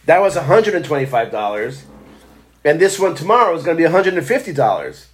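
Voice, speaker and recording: A middle-aged man, an actor, in casual chat, talking in halting, self-deprecating bursts and laughing often. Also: fairly high pitch, big pitch swings. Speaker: stage actor.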